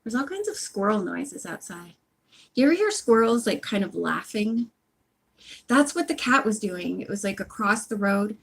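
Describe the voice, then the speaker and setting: A woman's voice: medium pitch, big pitch swings, normal speed, creaky, slightly rough. Brief: casual read-aloud host, woman, drifting into friendly asides. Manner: chatty, apologetic asides. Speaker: reader of a book series. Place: home.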